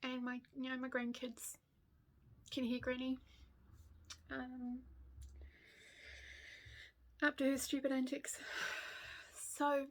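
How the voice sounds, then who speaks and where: A woman's voice: sits high, completely flat delivery, slow, long pauses. A grandmother in her fifties with a New Zealand accent, chatting casually to camera about her stitching, going off on tangents and laughing often. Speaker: stitching vlogger.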